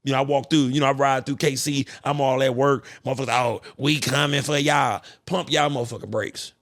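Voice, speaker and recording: A man hosting a podcast, ranting in a casual, profane, animated monologue. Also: mid-range voice, quick pace, gravelly, no room sound, studio quality. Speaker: podcast host.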